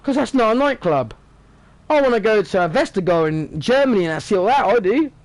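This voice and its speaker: A man's voice: high voice, no echo. A British man in his thirties ranting sarcastically in a casual vlog, swearing often. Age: 30s. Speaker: vlogger.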